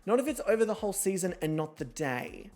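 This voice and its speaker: A woman hosting a game stream from home, chatty and excitable, swearing freely and chatting to her pets between rounds. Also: medium pitch, fast talker, soft background music. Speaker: host of an online reality show game stream. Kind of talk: casual livestream chat.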